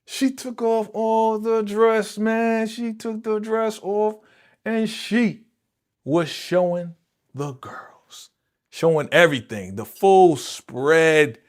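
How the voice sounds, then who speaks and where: A man hosting a live movie reaction stream, talking in a slangy, animated way and exclaiming his disapproval, often repeating himself and speaking straight to his viewers. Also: sits high, slow. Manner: slangy, addresses viewers directly. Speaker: reaction channel host.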